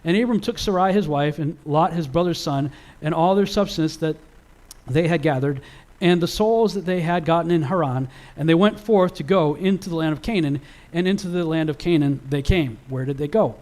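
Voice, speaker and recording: A man teaching about the Bible in a casual, conversational way. His voice sits a little high for a man. He often restarts and fills pauses as he talks. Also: a little mellow. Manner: conversational, many fillers and restarts.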